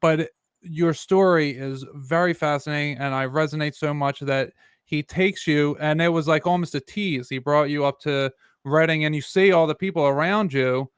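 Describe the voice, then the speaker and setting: A man's voice: on the high side, moderate pace, clean tone, no room sound, clean studio sound. A man hosting a podcast, responding in an earnest, reflective way and often restarting his sentences. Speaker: podcast host. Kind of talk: casual interview chat.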